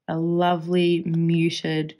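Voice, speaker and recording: Low-voiced Australian woman swatching ink. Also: completely flat delivery, slow, warm tone. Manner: chatty, musing, trails off and restarts. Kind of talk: casual chat while swatching ink.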